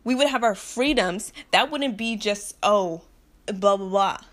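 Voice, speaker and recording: A woman's voice: mid-range voice, a little slow. A young woman from the United States delivering an impassioned, frustrated rant to camera, blunt and repetitive, with nervous laughs between points. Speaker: vlogger.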